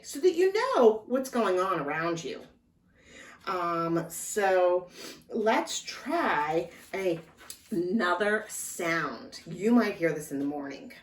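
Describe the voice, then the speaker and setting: Slow, gentle woman teaching little kids. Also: on the low side, recorded from a distance. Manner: slow, gentle, speaking directly to small children. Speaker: children's librarian. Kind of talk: storytime lesson for young children. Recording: echoey room, voice a bit off-mic. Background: clock ticking.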